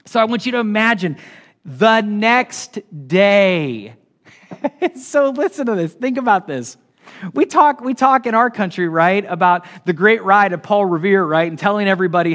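A man preaching a sermon as pastor, animated and swinging from hushed lines to shouts. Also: high voice, fairly quick.

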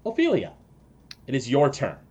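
A man narrating a tabletop session as game master, stopping and restarting often, thinking aloud as he describes the scene. His voice sits at an ordinary middle pitch. He talks casually and unscripted. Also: wildly swooping pitch, dark tone, slightly rough. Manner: halting, many fillers and restarts.

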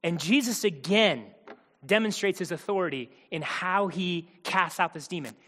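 A man's voice: high voice, normal speed, fairly bright tone, long reverb tail. A man preaching a sermon from a church stage, conversational and explanatory, with joking asides. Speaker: pastor.

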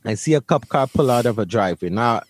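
A man's voice: mid-range voice, animated, fast talker. A man from Brooklyn, New York, telling a personal story to an interviewer in a vivid, emphatic way, often repeating his words. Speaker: interview guest. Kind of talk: storytelling in conversation.

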